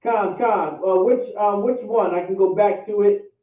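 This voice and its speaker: A man's voice: high-pitched, fairly even intonation, unhurried. A man teaching a class, drilling vocabulary and pronunciation by repeating each word again and again, with an American accent, over an online call. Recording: tinny, echoey, distant call audio.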